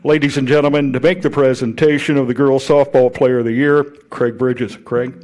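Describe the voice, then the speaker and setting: Give me a relaxed, folksy man emceeing an awards banquet. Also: mid-range voice, brisk, a little hiss or hum. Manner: relaxed, folksy, some fillers. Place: banquet hall.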